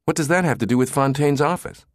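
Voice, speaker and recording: A man's voice: mid-range voice, fast talker, dry recording, clean studio sound, pitched above the performer's own voice, close to an everyday voice. A man voicing a nervous, exasperated male office assistant who pleads in a flustered way.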